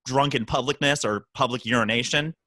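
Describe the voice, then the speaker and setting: This time the co-host speaks fairly quickly in a mid-range voice, bringing his casual podcast stories to life by acting out each person's voice. There's no echo on the recording.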